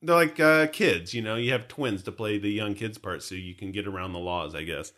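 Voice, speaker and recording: Bright-voiced chatty man hosting. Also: lowish voice, fairly quick. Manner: chatty, jokey, frequent laughter. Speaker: podcast co-host. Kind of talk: casual chat.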